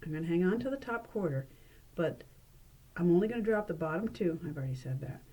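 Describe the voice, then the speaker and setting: A woman librarian with a lowish, warm, slightly rough voice walks viewers through coin tricks in a casual how-to demonstration. She talks fast with lively intonation, chatty and playful, laughing at her own slips, in a noisy room with clicks.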